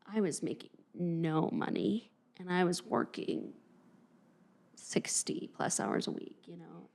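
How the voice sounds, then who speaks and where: Young woman, interview guest; earnest, fry-laden low voice, drops to hushed tones. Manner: earnest, reflective, softening into near-whispers. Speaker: podcast guest, mental health professional. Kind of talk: conversational interview.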